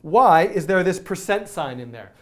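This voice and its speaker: A man's voice: high voice, expressive, moderate pace, fairly bright tone. A man teaching a live-streamed coding lesson, talking through his code as he types and joking at his own expense. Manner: chatty, self-narrating while typing code; jokey, laughs at himself. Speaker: coding instructor.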